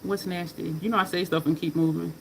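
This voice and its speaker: A woman's voice: fairly low pitch, steady tone, fast, creaky, slight background noise, low-quality recording. A woman chatting casually while she does her makeup, rambling from story to story, laughing and cursing freely. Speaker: makeup vlogger.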